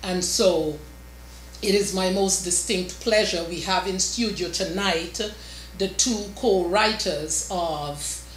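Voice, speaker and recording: Woman talk show host, slightly low, measured with pauses, echoey studio. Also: a little hiss or hum. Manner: measured, with many pauses and fillers. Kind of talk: studio interview.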